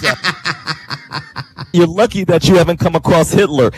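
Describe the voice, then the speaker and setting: A man's voice: a little high, moderate pace, crowd noise, rough recording. Angry man ranting in voice chat. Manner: angry, profane, repetitive ranting. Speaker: online gamer in voice chat. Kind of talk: heated voice chat rant.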